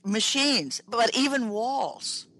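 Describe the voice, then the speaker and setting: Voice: medium pitch, animated, slow pace, pushed and bright, poor audio. Emphatic trainer lecturing on the radio. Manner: emphatic, repeats key phrases and speaks directly to listeners. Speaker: workplace improvement trainer on a radio talk show. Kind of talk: lecture-style radio talk.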